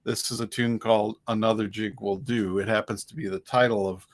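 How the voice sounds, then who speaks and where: A man with a somewhat low voice hosts a relaxed live-stream music lesson. He explains rhythms in a chatty way, counting beats and chanting syllables aloud, with small restarts as he goes. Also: fairly quick, slight background noise. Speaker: dulcimer teacher and host.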